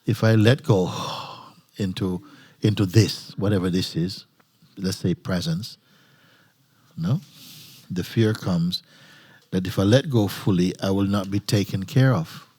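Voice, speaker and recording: A man's voice: low voice, a little slow, a little mellow, breathy edge. A man, a spiritual teacher, giving an informal talk at a retreat gathering. He tells stories with frequent laughter and restarts, in non-native phrasing. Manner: laughing often while telling a story. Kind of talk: informal satsang talk and storytelling.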